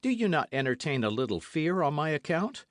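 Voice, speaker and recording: A man's voice: fairly high pitch, sing-song, a little fast, dry recording, clean studio sound, pitched above the performer's own voice. A man reading an audiobook, voicing a gallant, ardent young swordsman in an earnest, caressing manner.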